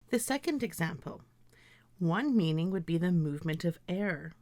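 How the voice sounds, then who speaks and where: Woman teacher doing a grammar lesson, kinda low voice, slow careful reading, super dry sound. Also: lively intonation, darkish tone, no echo.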